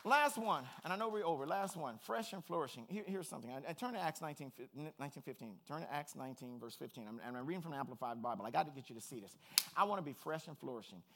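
High bright-voiced male preacher. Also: lively intonation, racing, slight background noise. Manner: emphatic, repeats phrases, rises to shouting fervor. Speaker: pastor. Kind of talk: sermon.

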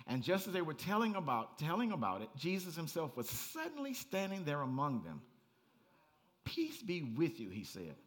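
Male pastor preaching, fairly high voice, gets loud and animated, jokes around with the congregation. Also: a little fast, hardly any pauses. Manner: animated preaching, rising to shouts and laughing asides. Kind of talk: sermon.

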